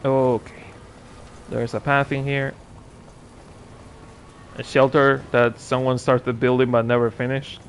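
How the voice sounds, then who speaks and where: A man's voice: mid-range voice, little pitch movement, takes it slowly, long pauses, slight background noise. A man giving casual gameplay commentary as a streamer, chatting and muttering asides to himself with dry sarcasm. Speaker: gaming streamer.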